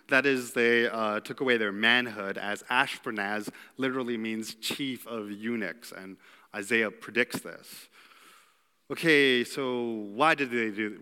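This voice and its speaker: A man's voice: mid-range voice, sharp tone, smooth. A man preaching a sermon as pastor, in an earnest, plain-spoken way with some fillers. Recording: long hall reverb.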